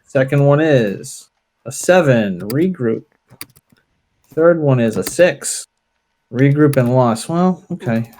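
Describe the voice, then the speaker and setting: A man talks his way through a tabletop wargame at an unhurried pace, calling out each roll in a steady mid-range voice. His delivery is deliberate and casual, as if playing with a friend. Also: mid-range voice, a little hiss or hum. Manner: deliberate, reads dice results aloud. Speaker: wargame player. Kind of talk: casual play-through commentary.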